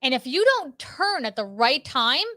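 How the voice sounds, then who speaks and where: High, excited woman telling a story. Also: unhurried, no room sound, clean studio sound. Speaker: podcast co-host. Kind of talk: casual chat.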